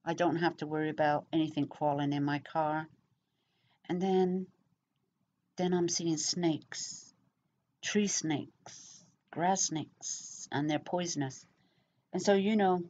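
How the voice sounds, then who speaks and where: Middle-aged English woman, low voice, rambling casual chat, dull lo-fi sound. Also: a little mellow. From England. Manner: rambling, chatty, many fillers. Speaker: vlogger.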